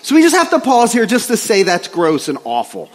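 A middle-aged man preaches with animated, joking storytelling, checking in with "right?" along the way. His voice sits high and swings widely in pitch. A long reverb hangs in the church sanctuary. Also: brisk. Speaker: pastor. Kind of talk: sermon.

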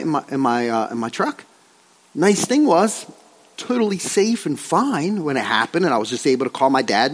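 A male pastor preaching a sermon in a joking, animated way, often asking the congregation questions. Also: sits high. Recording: long hall reverb.

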